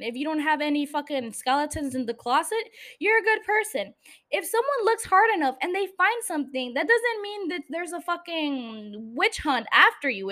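A woman's voice: sits high, fairly bright tone. A woman hosting a solo podcast, talking into a microphone in a blunt, sarcastic, swearing rant. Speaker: podcast host. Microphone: studio microphone.

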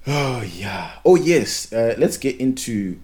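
A man's voice: mid-range voice, sing-song, slow, a little mellow. A man co-hosting a podcast in casual chat, rambling and repeating words as he restarts his thoughts. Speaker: podcast co-host.

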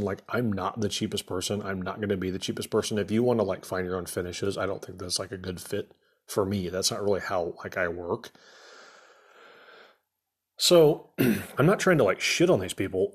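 Casual male contractor venting a rambling story, husky and a bit low. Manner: exasperated, rambling, many fillers. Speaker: remodeling contractor.

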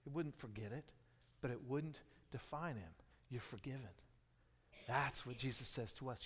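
A man preaching a sermon as a pastor, moving between loud emphatic lines and hushed, near-whispered retellings. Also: medium pitch, moderate pace, long reverb tail.

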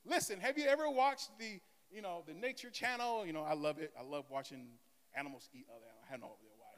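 A man's voice: high voice, lively intonation, fast. A male pastor preaching a sermon in an impassioned, emphatic way. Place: church sanctuary. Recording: echoey church hall.

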